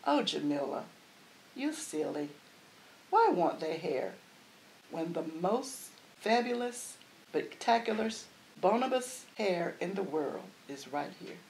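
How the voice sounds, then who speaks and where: A woman's voice: on the low side, big pitch swings, takes it slowly, creaky, slight background noise, exaggerated voice, poor audio. A woman as a coaxing motherly woman. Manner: coaxing, gently teasing. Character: patient, coaxing grown-up woman braiding hair.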